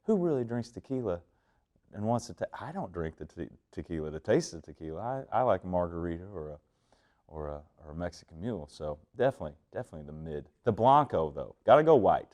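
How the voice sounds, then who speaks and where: A young man from southern Indiana with a twangy drawl, answering interview questions in a slow, laid-back way. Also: low-pitched, sing-song, a little mellow. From Indiana, USA. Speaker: country singer interviewee.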